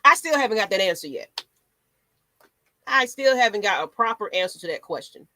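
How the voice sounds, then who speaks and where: Sassy, animated woman ranting about football. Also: mid-range voice, normal speed, slight background noise. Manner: sassy, dramatic, rants with mock voices. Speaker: sports channel host. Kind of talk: animated fan commentary.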